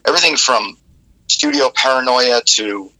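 A rock singer in an interview, telling rambling, animated stories with many restarts. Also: male voice, mid-range voice, normal speed, rough recording. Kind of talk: casual interview storytelling.

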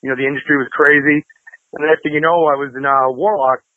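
A fast-talking man with a slightly high voice, rambling through his stories with many fillers and restarts. The sound is dry and tinny, like a phone call. He is a guest in a casual chat. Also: fairly even intonation, dry recording. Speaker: interview guest, guitarist.

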